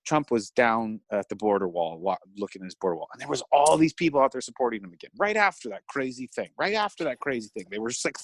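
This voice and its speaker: A man co-hosting a casual podcast, telling stories in a rambling, animated way with frequent laughs. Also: fairly high pitch, dry recording. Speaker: podcast co-host. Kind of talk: casual chat.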